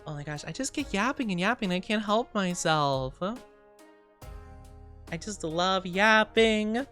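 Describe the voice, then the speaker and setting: A tired woman rambles to her live-stream chat in a casual, giggly way, yawning between thoughts. Her pitch is middling for a woman. Soft music plays quietly behind her. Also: lively intonation, a little slow. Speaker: VTuber streamer.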